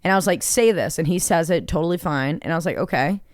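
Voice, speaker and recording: A woman co-hosting a podcast in casual chat, bubbly, laughing easily and bantering quickly. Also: low-pitched, dry recording, clean studio sound. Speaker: podcast co-host.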